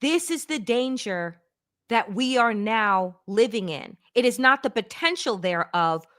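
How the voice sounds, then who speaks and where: Woman ranting politics on her show, bright voice, swings up and down a lot, swears, sarcastic. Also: fairly high pitch, expressive, unhurried. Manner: emphatic, blunt, sarcastic, swears freely. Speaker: political talk show host. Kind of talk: opinionated political commentary.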